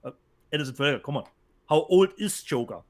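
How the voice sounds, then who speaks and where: A German-accented man co-hosts a relaxed show from home, reading out viewer comments. His voice sits fairly high and swings up and down a lot. He often stalls and repeats words while hunting for the right phrase. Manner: halting, repeats words while searching for them. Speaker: co-host. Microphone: remote call from home.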